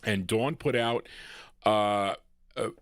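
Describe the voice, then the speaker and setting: A man's voice: on the low side, slow, a bit bright, no room sound, studio quality. A man hosting a live oldies record show, chatting in rambling asides between records. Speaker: radio show host. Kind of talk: live radio DJ patter.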